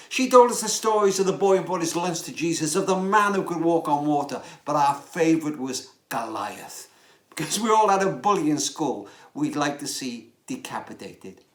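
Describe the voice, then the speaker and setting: An older man, a pastor giving a storytelling sermon that slows and softens on key words. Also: a little high. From Wales. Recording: echoey room.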